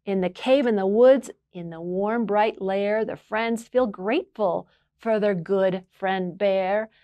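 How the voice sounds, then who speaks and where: A woman reading and singing at a children's storytime as the librarian, in a slow, clear sing-song manner. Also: mid-range voice, mellow, no room sound, lo-fi sound.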